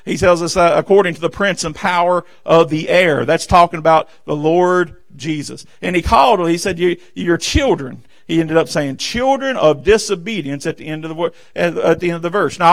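A man preaching a sermon from the pulpit of a church, fervent and emphatic, swinging between loud declarations and hushed asides, repeatedly calling out "amen" and "listen.". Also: a little high, vocal fry. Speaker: pastor. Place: church sanctuary.

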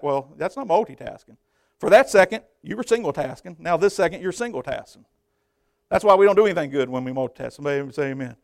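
Pastor, male, high gravelly voice, sermon delivery with loud surging peaks and soft asides. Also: expressive, fairly quick, dry recording. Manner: preaching with surges of loud, high emphasis and quieter asides. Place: church pulpit.

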